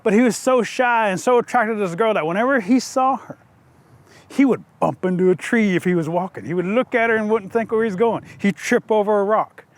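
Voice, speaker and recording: A male storyteller tells a traditional folk tale in a lively, playful way, turning to his listeners with asides now and then. His voice sits high for a man. He is recorded in a museum. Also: a little fast, dry recording.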